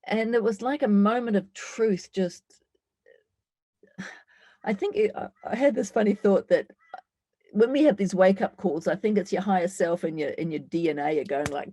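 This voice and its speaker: A woman's voice: medium pitch, lively intonation, moderate pace, dark tone, no room sound. A woman in her sixties telling her life story as a speaker at an online summit, candid and reflective, with frequent ums and restarts. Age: 60s. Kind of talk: personal life story talk.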